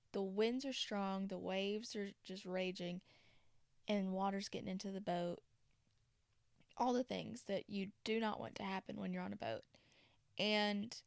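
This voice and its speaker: A woman's voice: mid-range voice, creaky, clean tone, no room sound, clean studio sound. A woman from Tennessee hosting a podcast, retelling a story casually with chatty asides. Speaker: podcast host.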